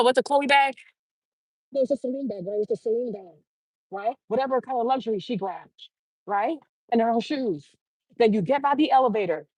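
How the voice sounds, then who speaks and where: Blunt, husky-voiced woman ranting. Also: high voice, no echo, poor audio. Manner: blunt, emphatic, full of rhetorical questions. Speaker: show host. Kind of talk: opinionated commentary monologue.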